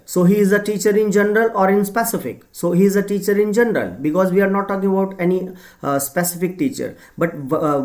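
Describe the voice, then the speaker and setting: A man's voice: high-pitched, darkish tone. A male teacher giving an exam-prep grammar lesson, talking with many fillers and frequent tag questions. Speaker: English teacher.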